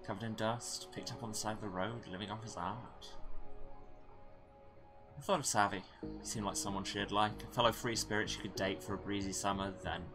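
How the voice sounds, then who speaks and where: A man's voice: fairly low pitch, fairly even intonation, a little fast. A man hosting a let's play, reading a narrative game aloud with wry, sarcastic asides. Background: game music.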